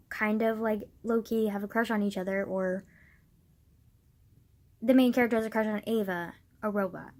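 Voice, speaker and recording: A young woman talking casually to camera as a vlogger, rambling with lots of "like" and swearing, getting worked up at times. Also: on the high side. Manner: rambling, heavy use of "like", swearing, gets worked up.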